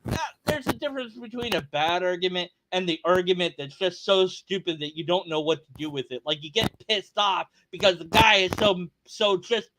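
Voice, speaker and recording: A man's voice: high voice, moderate pace, hardly any pauses, bright, forceful tone. A man hosting a reaction video, ranting at a clip with sarcastic, exasperated, over-the-top comedy.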